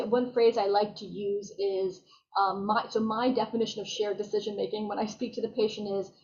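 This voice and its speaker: A woman physician shares patient stories in a lively conversational way, often acting out her own lines. Her voice sits somewhat high. The recording is dull and lo-fi. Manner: animated, quotes herself and patients. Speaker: physician guest. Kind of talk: conversational storytelling.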